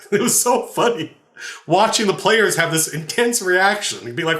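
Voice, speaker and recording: A man's voice: high-pitched, very animated, measured pace, a bit bright. A man and game master telling a story from his tabletop game in a rambling, laughing way with many restarts. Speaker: game master and podcast host. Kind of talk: casual anecdotal storytelling. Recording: roomy echo.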